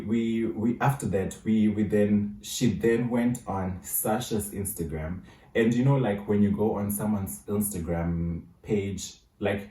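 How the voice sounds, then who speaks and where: A young man telling a high school story casually, restarting and correcting himself as he goes. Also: mellow. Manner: rambling, self-correcting storytelling. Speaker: vlogger. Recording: roomy echo, mic at a distance.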